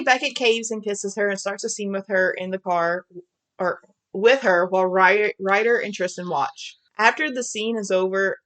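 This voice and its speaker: A woman's voice: medium pitch, fairly bright tone. Frank Southern woman recapping a book. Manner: frank, profane, summarizing plot with giggles. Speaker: podcast co-host. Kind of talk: casual book review chat.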